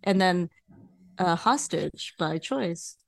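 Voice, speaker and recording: A woman's voice: on the low side, animated, takes it slowly, creaky. A woman hosting a casual podcast, chatty and agreeable, often murmuring agreement. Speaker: podcast host, artist. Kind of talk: casual chat.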